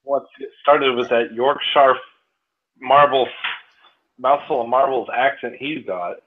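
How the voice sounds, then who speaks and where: A man's voice: medium pitch, unhurried, a little hiss or hum. A man grumbling offhandedly in a casual online chat. His voice comes through thin and tinny, like a phone line.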